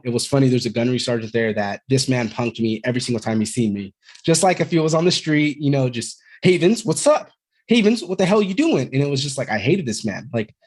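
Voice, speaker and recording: Guy in his 30s on a podcast, rambles and curses, just telling his story straight, regular pitch. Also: darkish tone. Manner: candid, rambling, swears freely. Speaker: podcast guest, Marine veteran. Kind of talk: casual conversational storytelling.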